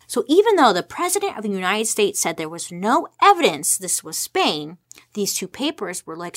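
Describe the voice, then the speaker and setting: A woman's voice: mid-range voice, sing-song, normal speed, fairly bright tone. A woman hosting a casual comedic history explainer, irreverent and sarcastic, swearing freely and tossing rhetorical questions at her audience.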